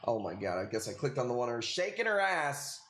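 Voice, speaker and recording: A man's voice: mid-range voice, sing-song, fairly quick, fairly bright tone. A man with a Chicago accent hosting a casual livestream, rambling and chatty as he sells corals. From Illinois. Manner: rambling, chatty, laughs often, many fillers. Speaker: livestream host selling corals. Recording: echoey room with faint noise.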